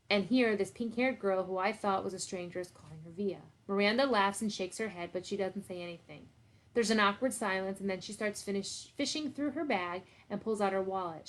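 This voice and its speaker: A woman school principal reads a novel aloud. Her storytelling is steady and even, in a mid-pitched voice.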